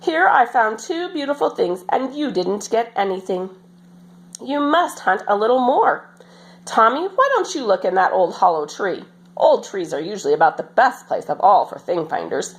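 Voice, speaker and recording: A woman voicing a bold, cheerful, strong little girl in a storybook reading, with a bright, playful, exclaiming manner. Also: medium pitch, big pitch swings, moderate pace, rough recording.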